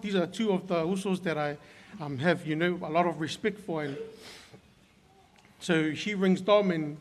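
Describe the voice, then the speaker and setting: A man giving a heartfelt eulogy at a funeral service, telling stories haltingly with many pauses. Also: a little high. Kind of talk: emotional eulogy. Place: church service hall.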